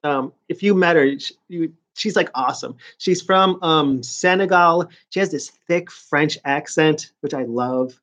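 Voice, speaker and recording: A man's voice: fairly high pitch, a little slow, few pauses, fairly bright tone. A man in his forties with a New York accent, chatting casually to viewers on a live stream, rambling and stop-start. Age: 40s. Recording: dull lo-fi stream audio.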